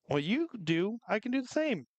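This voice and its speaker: A man commentating live darts, chatty and joking, with quick analytical asides. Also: high voice, sing-song, dry recording, muffled recording.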